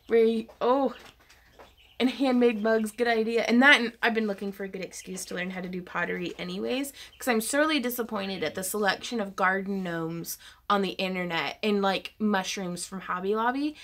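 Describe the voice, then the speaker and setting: A woman's voice: mid-range voice, moderate pace, fairly bright tone. A woman hosting a casual craft livestream, chatty and giggly, reading viewer comments aloud.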